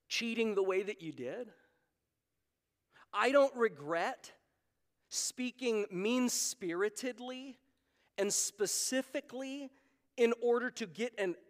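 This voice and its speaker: A man's voice: high-pitched, a bit bright. A man preaching a sermon as pastor, talking in an earnest, conversational way and acting out quoted voices. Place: church sanctuary. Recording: long hall reverb.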